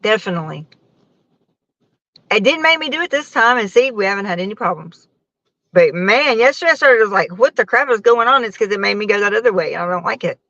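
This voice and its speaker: A woman's voice: medium pitch, animated, a little fast, a bit bright, dry recording. Tired woman rambling on a live stream. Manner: rambling, laughing often, talking to her chat. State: tired after a long work shift. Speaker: livestreamer chatting with viewers. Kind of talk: casual live-stream chat. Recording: dull, dry phone-mic sound.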